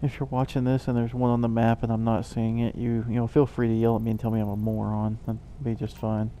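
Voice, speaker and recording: A man's voice: medium pitch, flat delivery, quick pace, dark tone, a little hiss or hum. A tired man casually commenting while playing a video game, rambling with self-mocking asides. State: yawning, tired. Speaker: let's play host.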